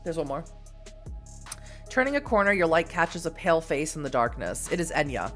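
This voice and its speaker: A woman's voice: low voice, very animated, normal speed, fairly bright tone, faint music behind. A woman reading a text game aloud with playful, joking commentary and frequent laughs. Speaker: streamer playing a text game.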